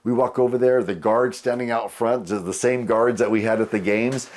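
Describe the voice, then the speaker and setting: A man's voice: medium pitch, fairly even intonation, normal speed, darkish tone. A man in his sixties, a guest on a podcast, telling rambling anecdotes full of fillers. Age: 60s. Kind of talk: casual storytelling.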